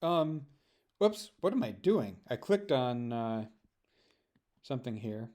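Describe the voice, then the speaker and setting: A man's voice: medium pitch, very animated, slow, darkish tone. Sarcastic, heated man ranting at a clip. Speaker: political commentary vlogger. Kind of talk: reaction commentary.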